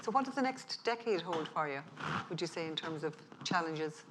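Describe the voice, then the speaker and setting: Woman moderator; low voice, halting questions, slight background hiss. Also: expressive. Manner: hesitant, restarts questions. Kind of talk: onstage interview questions. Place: festival talk stage.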